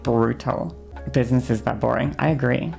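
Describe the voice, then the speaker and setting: Gravelly-voiced young woman ranting heatedly. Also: a bass voice, moderate pace, darkish tone, soft background music. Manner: heated ranting storyteller, swears, keeps checking in with okay. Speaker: streamer. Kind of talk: casual stream chat.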